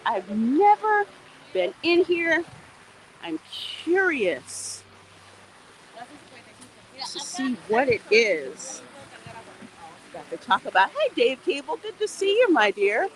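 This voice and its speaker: A woman hosting a casual, educational walking livestream, chatty and animated as she greets viewers. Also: sits high, slight background noise, rough recording. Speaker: livestream host.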